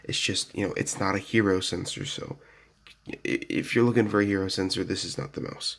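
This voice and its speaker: Sitting at his home desk and recording on a phone camera, a gaming gear reviewer gives a casual, rambling product review full of fillers and "so yeah." His low, creaky voice moves a little fast with fairly even intonation.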